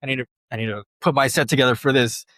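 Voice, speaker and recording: A young adult man tells stories in a loose, slangy way, full of fillers. When he quotes people his voice jumps higher and gets lively. The sound is dry and close, from a studio mic. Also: very fast, dry recording. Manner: animated, acts out quoted voices in a higher pitch; relaxed slangy speech with many fillers. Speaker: guest DJ. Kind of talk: casual interview storytelling. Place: podcast studio.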